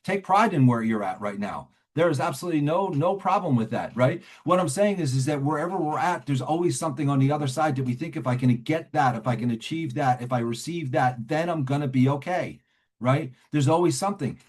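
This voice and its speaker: A man's voice: a little high, expressive, brisk. A middle-aged man from New Jersey speaking at a recovery meeting, telling his story conversationally and often checking in with "right?". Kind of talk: personal recovery talk to a meeting.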